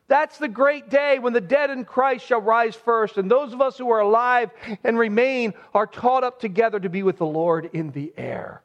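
A man's voice: high voice, moderate pace. A man preaching an expository sermon as pastor. He speaks emphatically and poses rhetorical questions to his listeners. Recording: dull lo-fi recording.

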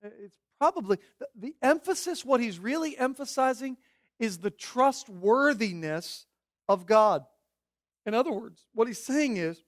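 High-voiced preacher delivering a sermon. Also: male voice, expressive, unhurried, no echo, clean studio sound. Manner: swings from quiet pleading to loud emphatic preaching.

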